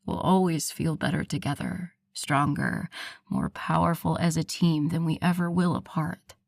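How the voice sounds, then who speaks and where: A woman voices a protective werewolf man speaking to his mate in an audiobook, dropping her voice low and soft. He sounds calm and reassuring, and the read is close and dry. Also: normal speed, gravelly, no room sound, heavily acted. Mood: tender.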